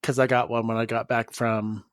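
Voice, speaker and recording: A podcast host in casual chat, teasing and joking with bawdy humor and quick laughs. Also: medium pitch, little pitch movement, no echo, clean studio sound.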